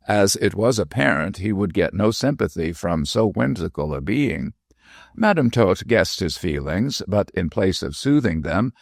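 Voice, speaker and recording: A man narrating an audiobook in a measured storytelling manner. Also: low voice, creaky, dry recording, studio quality. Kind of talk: scripted narration.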